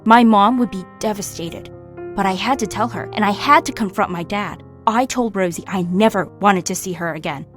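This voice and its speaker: A woman's voice: mid-range voice, normal speed, soft background music. A young woman narrating her own story in the first person, emotional and confiding.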